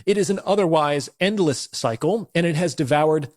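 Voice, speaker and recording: A man giving an intense motivational monologue. He speaks in a forceful, declamatory way and swears. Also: on the high side, normal speed, dry recording, studio quality.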